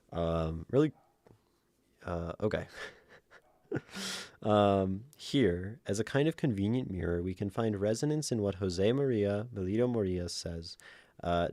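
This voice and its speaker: A man with a very deep voice reads aloud and comments on a livestream, wandering through his thoughts with lots of "like" and "um", correcting himself and laughing as he goes. The sound is close and dry, with no room around it. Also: gravelly, a little mellow, no room sound. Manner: rambling, thinking aloud, many fillers and self-corrections; laughs often mid-sentence. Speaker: livestream host reading viewer submissions.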